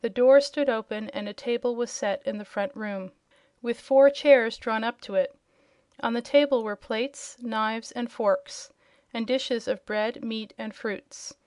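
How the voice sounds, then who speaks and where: A woman narrating a children's audiobook chapter in a clear, steady storytelling voice. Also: fairly high pitch, no room sound, clean studio sound.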